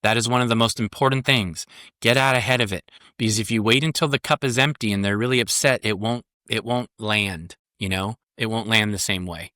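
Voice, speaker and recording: Bright-voiced, earnest male therapist. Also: on the low side, fairly quick, no echo, studio quality. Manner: earnest, emphatic, repeats key points. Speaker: psychotherapist and parenting coach, guest. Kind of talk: podcast interview.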